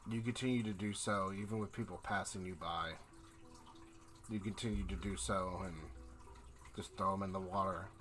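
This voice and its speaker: A man narrating as game master in a tabletop game, painting scenes in slow, descriptive detail. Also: sits low, steady tone, a bit bright.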